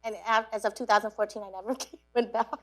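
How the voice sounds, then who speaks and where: A woman from Cambodia telling stories to students, lively, laughing often and acting out what people said. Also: medium pitch, quick pace. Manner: lively storyteller, acts out quotes, laughs often. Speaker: guest speaker. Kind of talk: storytelling talk to students.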